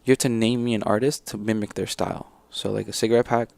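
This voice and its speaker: A man's voice: lowish voice, little pitch movement, quick pace, vocal fry, darkish tone, no echo. A man telling his story casually as an interview guest, rambling and acting out what his teachers said. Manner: rambling, acts out teachers' lines.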